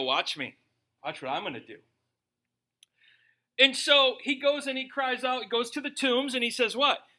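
A man's voice: high voice, pushed and bright. A man pastor preaching a sermon with humor and rhetorical questions.

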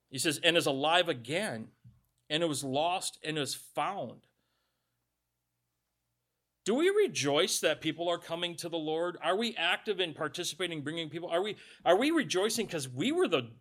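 A man's voice: on the high side, a bit bright. A male pastor giving a conversational sermon, reading scripture aloud and adding joking asides.

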